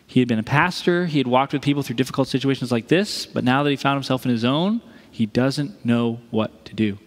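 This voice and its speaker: A man's voice: medium pitch, brisk, big-room sound. A male pastor delivering a conversational sermon, telling a story and acting out the voices of the people in it.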